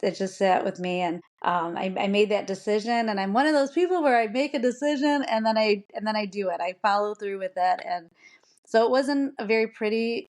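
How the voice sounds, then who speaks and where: An American woman in her forties talks openly as a podcast guest. She speaks in an earnest, emotional way, trailing off and restarting her sentences. Her pitch sits in the middle range. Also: a little fast, a little mellow. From United States. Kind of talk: candid personal storytelling.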